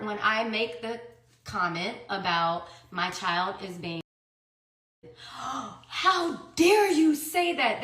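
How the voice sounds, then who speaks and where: A woman's voice: fairly high pitch, sharp tone, echoey room. A woman telling her own story as a mother in a custody fight, with emphatic rhetorical questions.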